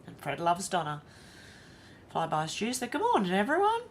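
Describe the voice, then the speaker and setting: Australian woman, livestream host, low-ish chatty voice, reads viewer comments aloud with a faint rumbling noise underneath. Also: wildly swooping pitch, moderate pace. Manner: chatty, greets viewers one by one. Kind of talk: casual livestream chat, reading comments aloud.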